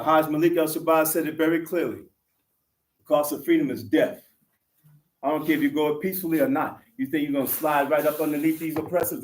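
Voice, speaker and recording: An older man delivers a fiery, preacher-style speech to a conference crowd. His voice sits high for a man, and the room around him rings with echo. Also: recorded from a distance. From United States. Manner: fiery, preacherly, addresses crowd as sisters and brothers. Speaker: conference speaker, activist.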